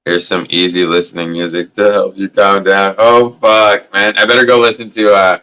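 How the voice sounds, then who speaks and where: A man's voice: low voice, flat delivery, normal speed, bright, forceful tone, clean tone, low-quality recording. A man hosting a casual livestream, talking in a loose, profane, rambling way and coughing now and then from smoking. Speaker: livestream host. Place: indoors at a grow setup.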